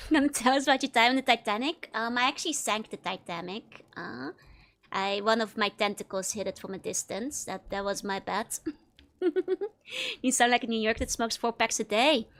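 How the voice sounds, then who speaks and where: A woman's voice: on the high side, moderate pace, fairly bright tone. A woman streamer giving casual, playful commentary over a game, chatty and often giggling.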